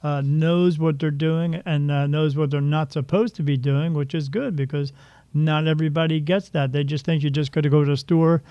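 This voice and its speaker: A man's voice: fairly high pitch, steady tone, moderate pace, dark tone, smooth, no echo, dull audio. A man hosting a spiritual podcast, chatting casually in a rambling, jokey way with plenty of filler words. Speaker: podcast host. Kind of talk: casual chat. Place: Delaware.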